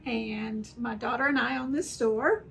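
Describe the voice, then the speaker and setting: A middle-aged woman shop owner who runs the store with her daughter, unhurried and friendly. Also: a little high, steady tone, vocal fry, a bit bright, a little hiss or hum.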